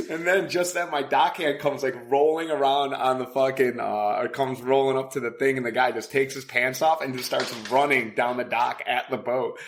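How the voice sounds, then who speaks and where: A man's voice: mid-range voice, fairly even intonation, normal speed, few pauses, a little hiss or hum. A man co-hosting a casual podcast, telling stories in a profane, rambling way with many fillers and bursts of laughter. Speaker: podcast co-host.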